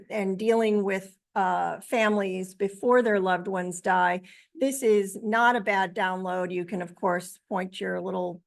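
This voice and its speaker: A woman author talking about her book and showing her artwork, in a halting way with many pauses and fillers. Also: medium pitch, vocal fry. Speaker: author and widow.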